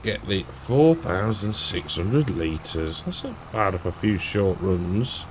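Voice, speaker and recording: Casting note: male gamer, low voice, unhurried, muttering through a farming session over faint engine hum. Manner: relaxed, thinks aloud, chuckles to himself. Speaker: game streamer. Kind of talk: casual let's-play commentary.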